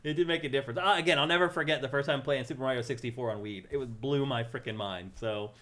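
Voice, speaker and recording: A man's voice: mid-range voice, fast talker, a bit bright. A middle-aged man co-hosting a podcast, reading viewer comments aloud in an easygoing way and laughing often. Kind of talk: casual chat.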